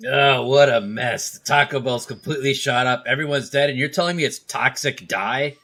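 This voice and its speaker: A man's voice: mid-range voice, normal speed, sharp tone. A man playing a scolding, exasperated police chief in an improv comedy scene.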